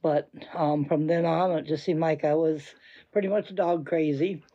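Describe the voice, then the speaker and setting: A woman's voice: deep voice, fairly even intonation, normal speed, warm tone, lo-fi sound. An older woman, a veteran dog trainer, reminiscing plainly and modestly in an interview.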